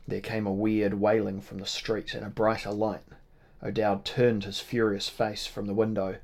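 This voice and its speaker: A man narrating a novel in a measured, dramatic reading style. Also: fairly low pitch, level tone, a little mellow. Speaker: audiobook narrator. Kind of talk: scripted narration.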